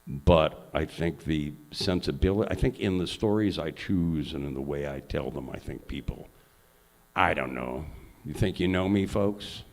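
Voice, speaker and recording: An older man, a journalist and honored guest, telling lively, profane anecdotes on stage at an event. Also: very deep voice, moderate pace, creaky. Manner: lively raconteur, salty language. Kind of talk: live anecdotal storytelling on stage. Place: event hall before an audience.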